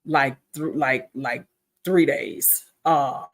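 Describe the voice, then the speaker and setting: A woman host telling a personal story in a casual, animated chat, repeating herself for emphasis. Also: very deep voice, drawn-out words.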